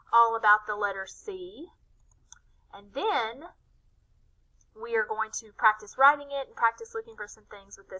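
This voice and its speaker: Woman teacher with a bright, higher voice, leading a phonics lesson for small children, sing-song. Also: rough recording.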